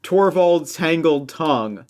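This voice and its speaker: A man's voice: fairly high pitch, expressive, slow, darkish tone. A man playing a tabletop role-playing game, talking hesitantly with many fillers and restarts. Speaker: player. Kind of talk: tabletop role-play chat.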